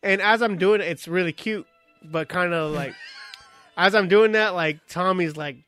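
A man in his thirties chatting casually, telling a profane, animated story and acting out quotes. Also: high-pitched, measured pace, clean tone, no room sound, faint music behind. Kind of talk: casual chat.

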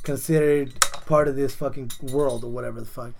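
A man's voice: mid-range voice, fairly even intonation, a little fast, creaky, darkish tone, slight background noise. A man, co-hosting a casual podcast, rambling and stuttering and swearing often. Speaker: podcast co-host and actor. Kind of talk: casual banter.

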